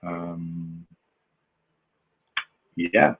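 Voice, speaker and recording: Low-voiced man on a tinny line. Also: very slow, vocal fry, no echo. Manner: easygoing, hesitant with fillers. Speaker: podcast co-host. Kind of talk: casual sports chat.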